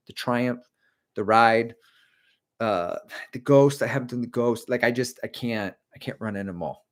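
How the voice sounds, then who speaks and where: A middle-aged man hosting a casual livestream, chatting and rambling as he answers viewer comments about running. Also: mid-range voice. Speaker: livestream host and running coach. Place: home.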